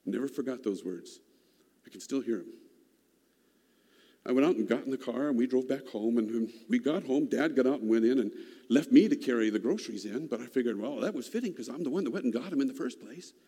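A man tells a homespun story from his childhood, unhurried and reflective. His voice sits mid-range with a mellow, dark tone, and a long reverb rings around it as if in a hall. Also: medium pitch, expressive, breathy edge. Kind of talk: personal storytelling.

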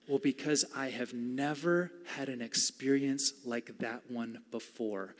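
A man voicing an awestruck man who recounts a vision, hesitant and groping for words, speaking softly. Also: mid-range voice, close to an everyday voice. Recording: long hall reverb.

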